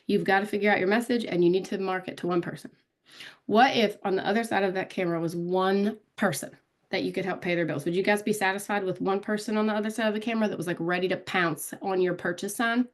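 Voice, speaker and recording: Talking quickly in a steady, medium-pitched voice, this woman runs a laid-back live online training on social media. She chats directly with the audience, naming individual viewers as she goes.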